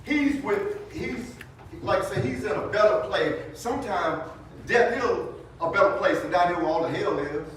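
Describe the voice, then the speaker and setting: Man, high-pitched, folksy storytelling preacher at a funeral; distant mic, booming room echo. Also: normal speed, a little hiss or hum. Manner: storytelling, preacherly, repetitive restarts. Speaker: funeral speaker. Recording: very echoey hall, distant mic.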